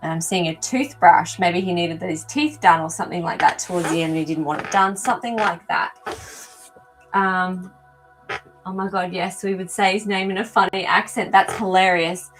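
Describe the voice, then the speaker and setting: A woman's voice: on the low side, normal speed, faint music behind, rough recording. A woman hosting a live animal communication show, talking casually to viewers and thinking aloud with many ums. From not from America. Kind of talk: live-stream reading for viewers.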